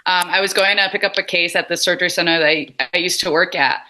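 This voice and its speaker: Woman, former nurse, podcast guest, lowish voice, bright tone. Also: steady tone, fast talker, a little hiss or hum, rough recording. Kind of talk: podcast conversation.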